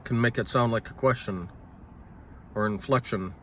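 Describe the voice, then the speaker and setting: A man musing aloud at a middling pitch, stopping to restart and correct himself. He clears his throat often, and faint noise hums behind him. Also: fairly bright tone. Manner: halting, thinks aloud with restarts and self-corrections. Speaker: solo talker. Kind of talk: casual spoken musing.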